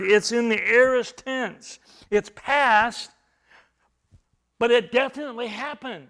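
A man preaches an expository, verse-by-verse sermon, explaining grammar and repeating phrases for emphasis. He swings between loud, stressed words and quiet, low asides, and takes it slowly.

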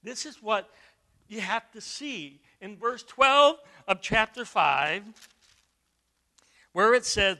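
A man preaching a sermon, emphatic, with repeated words and loud stressed phrases. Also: sits high, sing-song, takes it slowly, pauses often.

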